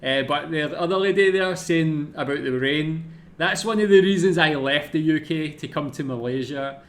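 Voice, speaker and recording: A man's voice: fairly high pitch, normal speed, a bit bright. A Scottish man hosting a casual reaction video, chatty and self-deprecating, often tacking "man" onto his sentences. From Scotland.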